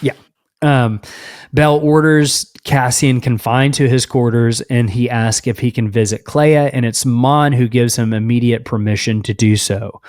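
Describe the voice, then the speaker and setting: Guy on a podcast running through the plot, mid pitch, dead dry sound, lots of ums. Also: a little slow, no echo. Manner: steady plot recapping with fillers. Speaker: podcast co-host. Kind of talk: casual recap chat.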